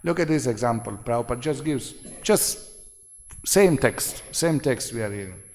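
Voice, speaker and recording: Man, gravelly voice, emphatic seminar lecture, long hall reverb. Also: medium pitch, expressive, moderate pace, darkish tone. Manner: emphatic, repeats phrases, asks "no?" often. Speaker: spiritual seminar teacher.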